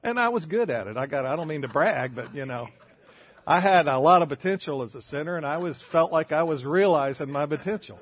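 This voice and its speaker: A man's voice: a little high, animated, a little fast, husky. An older man preaching a sermon, telling folksy stories with self-deprecating humor. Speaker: pastor.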